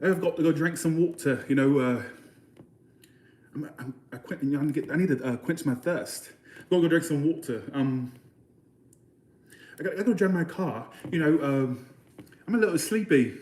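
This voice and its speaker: A man putting on a halting, mock Northern English accent as a sleepy, thirsty fellow. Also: mid-range voice, steady tone, darkish tone, reverberant, natural voice. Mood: drowsy.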